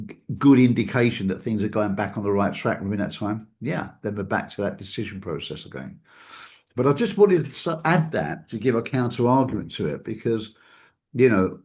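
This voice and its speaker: A man's voice: fairly low pitch, a little mellow. A man talking reflectively about abusive behavior, hedging his points and repeating words for emphasis. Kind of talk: reflective casual talk.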